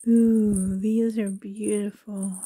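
A woman's voice: medium pitch, level tone, slow pace, mellow, a little hiss or hum. A woman opening a package on her vlog, gasping with delight, dropping into whispers, emotional and close to tears. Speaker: reborn doll collector, channel host. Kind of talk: excited unboxing vlog.

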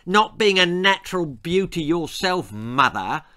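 Brief: man doing a vain, sulky storybook brat, high and dramatic. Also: sing-song, a little slow, pushed and bright, exaggerated voice. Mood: haughty. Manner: haughty, sulky and shrill. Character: spoiled vain shrieking teenage girl.

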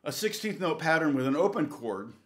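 A man's voice: fairly high pitch, big pitch swings, a little fast, fairly bright tone. A man giving a casual live guitar lesson, rambling and chatty, counting beats aloud between bits of guitar playing. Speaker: guitar teacher. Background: guitar playing between talk.

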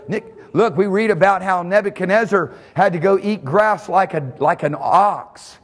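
A male pastor preaching a sermon at a church service. He preaches fervently, jumps from sudden shouts to a low, quiet voice, and chuckles between phrases. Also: animated, moderate pace, hardly any pauses, long reverb tail.

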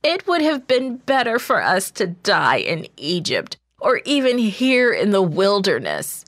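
A woman's voice: mid-range voice, wildly swooping pitch, measured pace, no room sound, studio quality, heavily acted. A woman reading as a wailing, frightened crowd. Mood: wailing despair. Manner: loud, despairing, pleading.

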